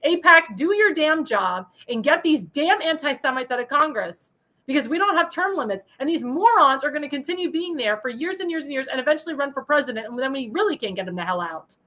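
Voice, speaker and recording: Woman, talk show host, high voice, swooping pitch, ranting political monologue, heated, insulting, angry shouting bursts. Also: lively intonation, brisk, poor audio.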